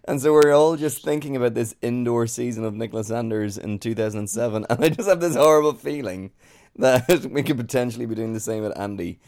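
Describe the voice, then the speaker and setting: A man's voice: mid-range voice, a little fast, a little mellow, no room sound, clean studio sound. A man hosting a casual athletics chat, chatty and enthusiastic. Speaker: podcast host.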